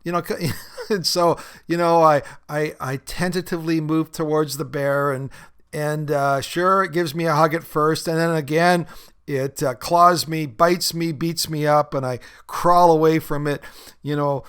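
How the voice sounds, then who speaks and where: A man hosts his own podcast in an easy, rambling style, full of ums and small laughs. His voice sits a bit high and stays smooth and clear throughout. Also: fairly even intonation, a little slow, fairly bright tone. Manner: conversational, many fillers, laughs at his own stories. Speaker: podcast host and recovery group leader. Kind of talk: casual solo podcast talk.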